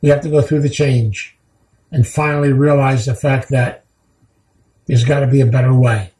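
A man's voice: medium pitch, little pitch movement, normal speed, warm tone, roomy sound, rough recording. A man giving a heartfelt recovery talk, telling stories earnestly and repeating key phrases for weight. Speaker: recovery speaker.

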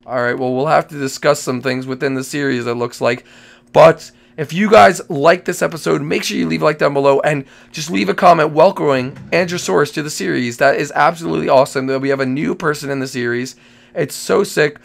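An excitable man hosts a Minecraft role-play comedy, exclaiming and repeating his lines. His voice is a bit high with a rough, gravelly fry. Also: fairly quick. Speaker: channel host and Minecraft role-play player.

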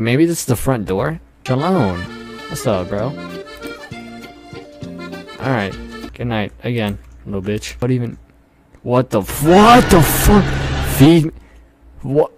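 A man's voice: medium pitch, gravelly. A young man playing a horror game, jumpy and nervous, swearing often and laughing at his own scares. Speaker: gamer.

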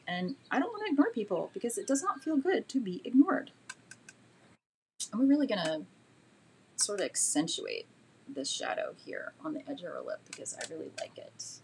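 A woman teaching a live painting demo and answering viewers' questions, chatty and self-deprecating, with many fillers, talking gently while she works. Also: fairly low pitch, a little hiss or hum. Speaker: art instructor.

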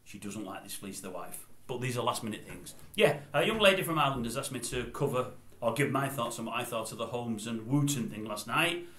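Older bloke, mid-pitched, digressive vlogger rant, recorded in an echoey room. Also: male voice, lively intonation, fairly quick, a bit bright. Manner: rambling, digressive, opinionated. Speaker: YouTube commentator. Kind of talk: casual opinion vlog.

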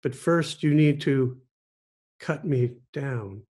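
A man voicing a female bamboo tree in a parable, speaking softly and insistently. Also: medium pitch, takes it slowly, slightly rough. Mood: gentle.

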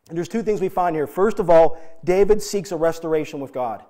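A man's voice: high-pitched, brisk, few pauses, mellow. A middle-aged male pastor preaching a sermon in an earnest, emphatic way, asking the congregation direct questions.

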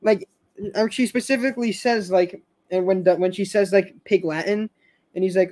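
A high-pitched young man chatting casually on a fan stream. He rambles, trips over his words and restarts sentences, laughing now and then as he goes. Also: fairly even intonation, moderate pace, darkish tone. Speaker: show fan host.

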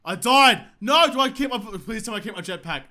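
A young man giving excitable gameplay commentary, swearing often and breaking into shouts when thrilled. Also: high-pitched, fast. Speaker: gaming video host.

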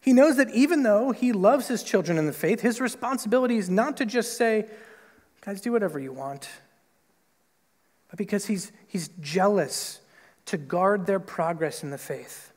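A man's voice: expressive, normal speed, darkish tone. A man preaching a sermon as pastor, talking conversationally with many casual fillers and acting out quoted voices. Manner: conversational, lots of "like" and "right?"; acts out quoted voices with big pitch jumps. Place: church sanctuary. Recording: long hall reverb in a church.

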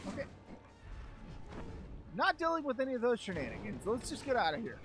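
A man doing an impression of a cheerful, naive young male martial-arts hero while commenting on a video game, goofy and excitable, yelping and shouting at it. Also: very high-pitched, brisk, full character voice. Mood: playful. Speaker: gaming channel host. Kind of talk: let's play commentary. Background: video game music.

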